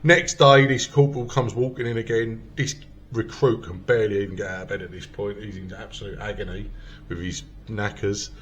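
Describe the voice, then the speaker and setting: A man's voice: on the low side, fairly even intonation, brisk, highs cut off, a little hiss or hum. A man hosting a comedy podcast, telling a rowdy story in casual chat and swearing freely. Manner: swears a lot, loud storytelling with acted quotes. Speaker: podcast host.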